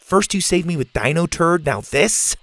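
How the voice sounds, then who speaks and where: Man voicing a young boy camper, nervous and jokey, raised pitch, slight gravel, storybook. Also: animated, normal speed, fairly bright tone, dry recording. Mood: joking. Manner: light, jokey, a bit anxious.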